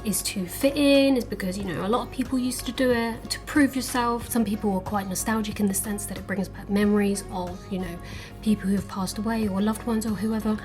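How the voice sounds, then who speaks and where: A young woman from England talking to camera in a chatty, earnest way, with small laughs. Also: medium pitch. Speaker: vlogger. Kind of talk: casual talk to camera.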